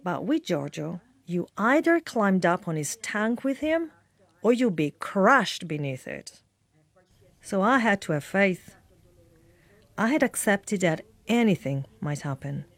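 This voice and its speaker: A woman reading a translated voice-over in a measured way. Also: mid-range voice, very animated, no room sound.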